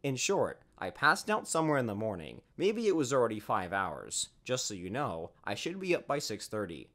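A man's voice: mid-range voice, huge pitch swings, normal speed, a bit bright. A man narrating a first-person story in a scripted storytelling manner.

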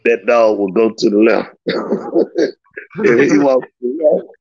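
A man's voice: medium pitch, big pitch swings, slow pace, darkish tone, no echo. A man telling old stories in a casual, profane way, laughing often and acting out the dialogue. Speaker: guest recounting old stories. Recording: slightly dull lo-fi sound.

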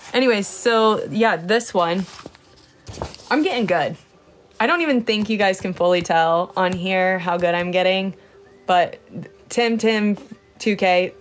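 A woman chatting casually on a livestream, greeting viewers by name and swearing freely while she shows off her coloring pages. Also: medium pitch.

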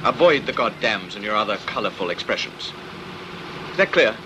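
An actor playing a stern, clipped British army lieutenant giving orders in an old war film. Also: male voice, fairly low pitch, animated, moderate pace, noisy background, natural voice. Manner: clipped, commanding. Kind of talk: film dialogue.

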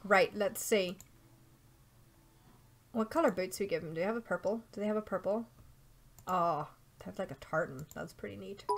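A young Irish woman chatting casually through a game livestream, excitable and talking to her viewers and the game characters. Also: medium pitch, normal speed, vocal fry, pauses often, soft background music. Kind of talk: casual let's play commentary.

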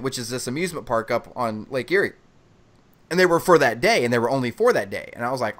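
A man co-hosting a casual online chat, telling a long story in an animated, profane way and acting out what people said. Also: on the high side, fast talker. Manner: animated, profane, acts out quotes. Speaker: podcast co-host.

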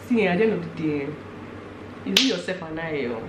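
Lively young woman chatting. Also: lowish voice, brisk. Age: young adult. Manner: animated and laughing, with frequent fillers. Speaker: roommate guest. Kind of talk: casual chat. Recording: roomy room with background noise.

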